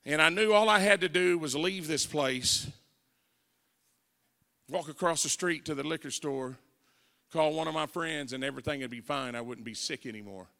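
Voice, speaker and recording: A Southern man in his forties preaches his testimony as an evangelist, taking on the voices of figures in his story. The voice is fairly high with vocal fry and a sharp tone, delivered at a moderate pace and echoing through a church hall.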